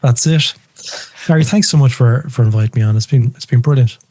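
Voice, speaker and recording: Lively Irish man telling stories. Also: medium pitch, fairly quick, no room sound. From Ireland. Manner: animated storyteller, acts out quoted voices. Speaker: guest. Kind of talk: casual chat.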